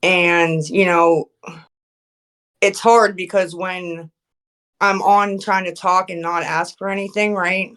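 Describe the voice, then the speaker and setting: A woman's voice: lowish voice, flat delivery, takes it slowly, a bit bright. A woman hosting an online voice call, explaining herself hesitantly with many fillers. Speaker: host of the voice chat. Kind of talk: group voice call.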